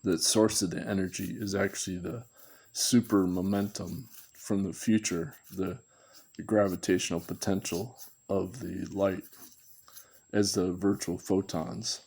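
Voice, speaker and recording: Slow, gravelly low-voiced man rambling. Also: steady tone, darkish tone. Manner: meandering, self-correcting, thinking aloud. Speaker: video commentator. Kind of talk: rambling unscripted monologue.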